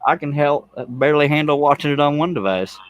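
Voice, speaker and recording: A man's voice: a little high, brisk, dry recording. A man hosting a casual livestream panel chat, reading viewer comments and joking about himself with frequent laughter. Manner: joking, laughs often, self-deprecating.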